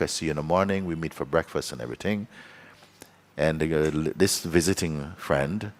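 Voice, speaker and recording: A man with a very low voice leads a satsang as a spiritual teacher. He tells a story and acts out its people's voices in quoted dialogue, chuckling now and then. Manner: chuckles while telling.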